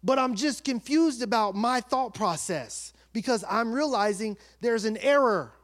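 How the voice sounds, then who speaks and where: A male pastor preaching a sermon, reading scripture and telling a personal story with animated, shifting delivery. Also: extremely high pitch, measured pace. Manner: animated storytelling, shifting between soft and loud.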